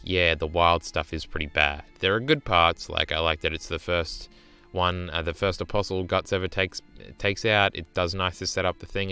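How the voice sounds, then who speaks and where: Male streamer, reaction commentary; low, crisp and forceful tone; rambling, profane, peppered with "uh" and "right?".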